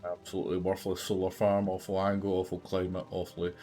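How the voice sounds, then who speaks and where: A man's voice: sits low, completely flat delivery, quick pace, warm tone, soft background music. A man chatting casually while streaming a factory game, musing with many fillers. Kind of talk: casual gaming chat.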